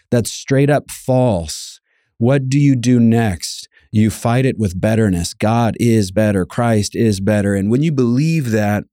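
A man's voice: medium pitch, warm tone, dry recording, clean studio sound. A man preaching a sermon, earnest and emphatic, repeating key lines and reading scripture aloud.

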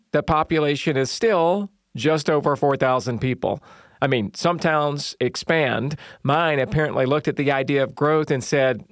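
A man's voice: on the high side, dry recording, studio quality. A middle-aged man, preaching a sermon with humorous storytelling. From Southern United States. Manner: humorous storytelling, lively quoted voices. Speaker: pastor.

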